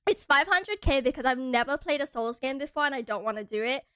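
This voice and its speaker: Brief: young American woman, high voice, dry close sound, playful giggly streamer chat. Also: animated, fast, a bit bright, clear, resonant tone, no echo. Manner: playful, giggly, chatty with viewers. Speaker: vtuber streamer.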